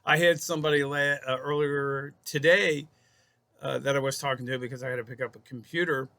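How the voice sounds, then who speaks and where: A man's voice: medium pitch, steady tone, fairly quick, pushed and bright. A man speaking as a psychologist in a casual self-help talk to camera. He rambles, repeats and restarts his phrases, and calls his viewers folks.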